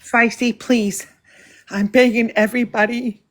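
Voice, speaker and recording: A woman's voice: on the high side, little pitch movement, measured pace. A woman on a live stream, panicked and pleading, shaken and close to tears.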